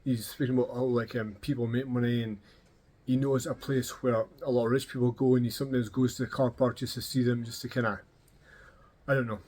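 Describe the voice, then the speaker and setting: A man's voice: mid-range voice, little pitch movement, fairly quick, darkish tone. A middle-aged Scottish man telling casual, swearing anecdotes and acting out the dialogue. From Scotland. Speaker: vlogger. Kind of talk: casual storytelling.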